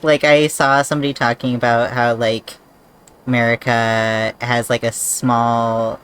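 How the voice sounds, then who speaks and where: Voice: mid-range voice, little pitch movement, unhurried, a bit bright, clear, resonant tone. Rambling, casual game streamer. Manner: rambling, many fillers. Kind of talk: casual chat while gaming. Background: faint game music.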